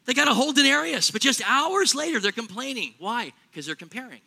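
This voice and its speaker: A man preaching a sermon in a church, animated, acting out little everyday scenes in other voices. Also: very high voice, brisk, vocal fry. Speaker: pastor.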